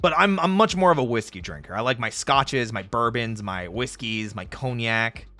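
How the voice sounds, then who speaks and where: A man streaming casually, chatting with viewers in an animated, jokey way and laughing often. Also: mid-range voice, moderate pace, no room sound. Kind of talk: casual live-stream chat answering viewers. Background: faint background music.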